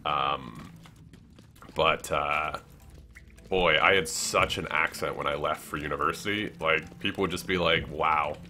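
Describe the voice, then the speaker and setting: A man's voice: extremely low pitch, measured pace, bright, forceful tone, a little hiss or hum. A young man from Canada with a subtle Canadian accent, rambling casually on a gaming livestream and reading chat aloud, with lots of fillers. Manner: rambling, chatty, many fillers and self-corrections.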